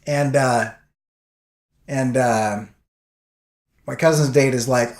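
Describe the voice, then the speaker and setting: A man in a casual vlog, telling a story with lots of energy and breaking into little performances of what everyone said. His voice sits at an ordinary pitch. The room around him rings with echo. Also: a little slow, long pauses. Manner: animated storyteller acting out quotes. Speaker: vlogger.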